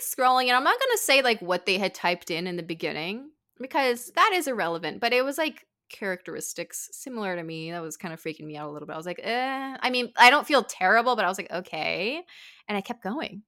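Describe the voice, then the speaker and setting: A woman hosting a podcast, telling a story in casual chat, animated, swearing and saying "like" a lot. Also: mid-range voice. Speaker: podcast host.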